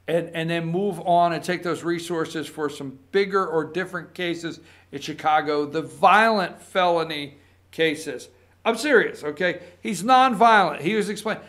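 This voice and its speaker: A man's voice: sits high, fairly bright tone. A man hosting a political opinion show, talking in a sarcastic, combative, rambling way with many asides. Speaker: political commentary host.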